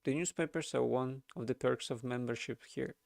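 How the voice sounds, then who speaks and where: A man voicing a proud, boastful gentleman gambler who speaks formally. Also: medium pitch, moderate pace, creaky, no room sound, clean studio sound, close to an everyday voice.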